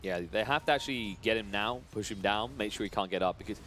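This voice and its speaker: A man calling an esports match play-by-play, rattling off the action and climbing louder as fights break out. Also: fairly low pitch, soft background music. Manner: rapid play-by-play that climbs loud during fights. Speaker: esports commentator. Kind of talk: play-by-play commentary.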